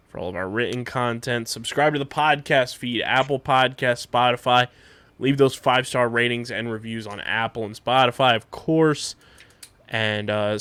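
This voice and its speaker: A male host with a crisp, resonant voice recorded close and dry. He runs through the closing plugs at a brisk, steady clip, in the same easy manner as his quick reactions during the chat. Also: medium pitch, dry recording. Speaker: podcast host. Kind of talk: casual chat and outro read.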